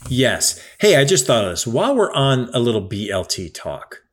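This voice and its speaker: A man's voice: mid-range voice, sing-song, moderate pace. A man talking in a casual, emphatic chat, swearing now and then.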